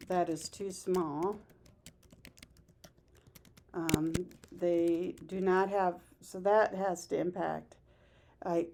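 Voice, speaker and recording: A woman's voice: lowish voice, mellow. A woman teaching a class about a play, asking her students questions and then answering them herself, sometimes raising her voice to act out quoted lines. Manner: acts out quoted lines in a raised voice.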